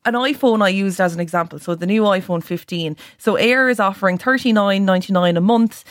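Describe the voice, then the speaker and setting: A woman's voice: mid-range voice, brisk, no room sound, studio quality. An Irish woman reporter on a radio advice segment, chatting through phone prices and tips with frequent ums. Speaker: news reporter. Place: radio studio.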